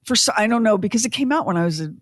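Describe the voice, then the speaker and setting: A woman's voice: on the high side, animated, very fast, dry recording. Chatty woman podcast host, dry sound. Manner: chatty, tangential, self-deprecating humor. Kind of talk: casual conversational podcast.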